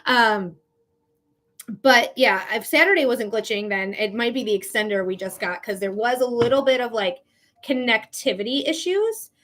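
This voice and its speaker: A woman's voice: a little high, lively intonation, moderate pace, a bit bright. A young woman doing a live-stream tarot reading, chatty and casual, swearing freely, laughing often and talking straight to her viewers. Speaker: psychic tarot reader.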